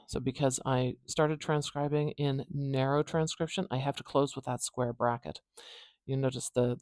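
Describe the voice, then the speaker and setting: A phonetics teacher with an Atlantic Canadian accent gives a transcription lesson, explaining step by step and repeating words slowly to demonstrate each sound, with playful asides. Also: mid-range voice, darkish tone, no echo, studio quality. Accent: Atlantic Canadian English.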